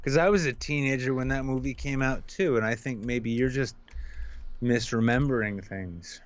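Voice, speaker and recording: A man's voice: mid-range voice, normal speed. A man co-hosting a podcast, speaking in casual chat and dropping dry, sardonic quips. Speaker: podcast co-host. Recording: dull, muffled mic.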